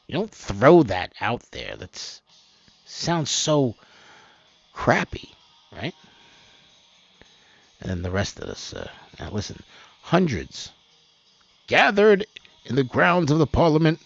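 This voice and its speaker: A man's voice: medium pitch, dry recording. A man hosting his own news commentary, reading reports aloud and rambling about them with frequent restarts. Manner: rambling, restarts often, mocks what he reads. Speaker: host of a news commentary channel. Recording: dull lo-fi dry recording.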